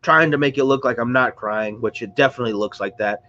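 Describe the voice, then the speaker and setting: Stuffy-nosed guy rambling on his live stream, average pitch, kinda dull lo-fi sound. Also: fast talker, bright, forceful tone. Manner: rambling, chatty, greets viewers. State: congested, under the weather. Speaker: livestream host. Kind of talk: casual live-stream chat. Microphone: close to a screen or phone.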